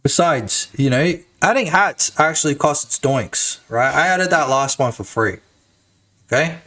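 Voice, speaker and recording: A young man live-streaming, chatting crudely and loosely to his viewers with a slightly high voice. He rambles, swears freely and tacks "you know what I'm saying" onto his jokes, speaking into a desk mic. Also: animated, unhurried, pushed and bright. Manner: crude, rambling and jokey, with lots of filler tags. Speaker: streamer and indie game developer. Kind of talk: casual live-stream chat.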